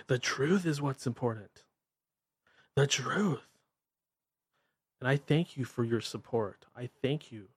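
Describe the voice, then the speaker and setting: Blunt profane host with Northwest accent. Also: male voice, mid-range voice, dry recording. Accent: Pacific Northwest American. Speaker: podcast host. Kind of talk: ranting monologue.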